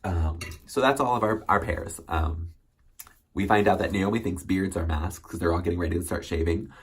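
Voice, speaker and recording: A man's voice: low-pitched, normal speed, husky. A man hosting a solo recap show, chatting casually and rambling with many ums and self-corrections. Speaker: recap host.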